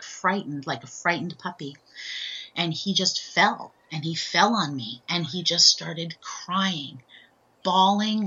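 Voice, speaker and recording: A woman's voice: fairly low pitch, sharp tone, breathy edge. A woman guest telling a personal story in a podcast interview, earnest and heartfelt, often checking in with "right?". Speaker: guest, author and transformational speaker. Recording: dull, lo-fi sound.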